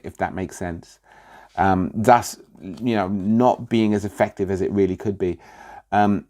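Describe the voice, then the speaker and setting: A middle-aged man works through a comic review in a relaxed, rambling way. His voice sits somewhat low, and he trails off, restarts and fills gaps with "um" as he goes. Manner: rambling, many fillers and restarts.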